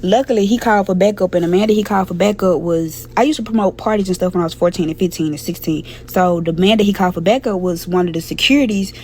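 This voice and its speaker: A woman's voice: fairly low pitch, fast, hardly any pauses, darkish tone, a little hiss or hum. A young adult woman telling a personal story in a blunt, profane, candid way. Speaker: storytime vlogger. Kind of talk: casual storytelling.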